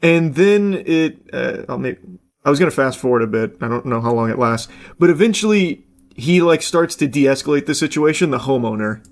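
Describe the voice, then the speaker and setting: A man's voice: medium pitch, animated, moderate pace. A man hosting a casual reaction commentary, rambling along with jokey asides and casual swearing. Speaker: host.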